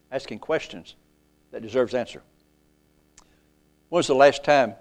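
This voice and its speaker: An older man preaching a sermon in a church. He is folksy, calls out to the congregation and slows down to recite scripture. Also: medium pitch.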